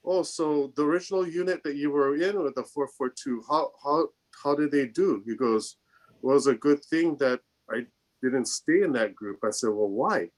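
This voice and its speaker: A man telling a story casually on a video call, acting out the people he quotes in a higher voice. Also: normal speed. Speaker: storyteller in a group chat.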